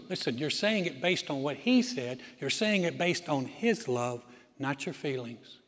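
A man's voice: mid-range voice, expressive, normal speed, a bit bright. A man preaching a sermon as pastor, earnest and conversational with emphatic bursts. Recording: long church-hall reverb.

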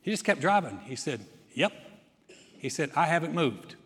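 A man's voice: fairly high pitch, sing-song, normal speed, fairly bright tone, slight background noise. A man pastor giving a conversational sermon, slipping briefly into quoted voices as he tells stories. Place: church hall. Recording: long hall reverb.

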